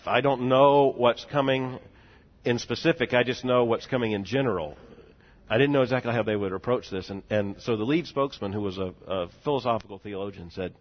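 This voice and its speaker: A man in his forties, a seminary president, telling a story in a speech, swinging between hushed and loud with laughing asides. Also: mid-range voice. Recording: dull lo-fi recording.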